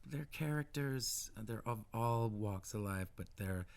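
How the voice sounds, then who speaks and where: Halting, low-voiced American man. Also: gravelly. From United States. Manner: halting, many restarts, animated asides. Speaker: musician guest. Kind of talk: casual radio interview.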